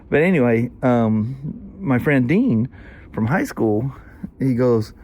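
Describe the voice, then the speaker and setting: A man's voice: mid-range voice, lively intonation, very slow, a little mellow. A man in his sixties with a Southern US accent, telling a long, rambling story in casual vlog chat, full of "you know" and "anyway". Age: 60s. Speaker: vlogger.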